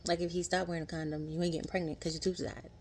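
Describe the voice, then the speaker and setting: 30s woman vlogging, talks kinda low, chatty and animated, faint hum behind her. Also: racing. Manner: chatty, animated, acts out quotes in higher voice. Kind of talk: casual commentary recap.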